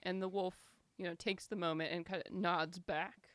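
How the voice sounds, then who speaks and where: A woman narrating as the game master of a tabletop game, describing scenes in an unhurried way with fillers. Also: on the low side, fairly even intonation, no echo.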